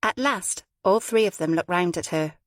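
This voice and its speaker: Low-voiced woman narrating a story. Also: normal speed, no room sound, clean studio sound. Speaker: audiobook narrator. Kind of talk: scripted narration.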